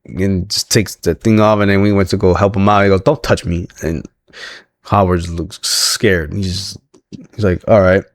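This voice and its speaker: A man's voice: low-pitched, fairly even intonation, moderate pace, dry recording. A man hosting a casual wrestling recap, rambling with lots of fillers and chuckling asides.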